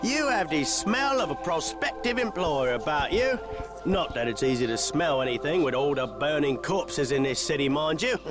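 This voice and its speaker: High cheeky halfling scamp, as a man puts him on, boastful and chatty, game music underneath. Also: expressive, moderate pace, close to an everyday voice. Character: mischievous boastful male halfling rogue.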